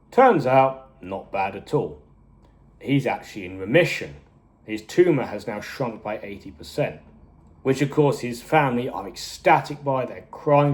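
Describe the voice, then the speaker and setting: A man's voice: mid-range voice, darkish tone. Rambling man reviewing a TV series. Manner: rambling, goes off on tangents, acts out characters' lines in quick bursts. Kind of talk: casual review chat.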